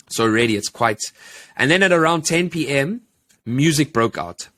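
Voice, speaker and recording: A man's voice: mid-range voice, lively intonation, moderate pace, bright, forceful tone. A man co-hosting a podcast, telling a story in a casual, rambling way with many fillers. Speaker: podcast co-host.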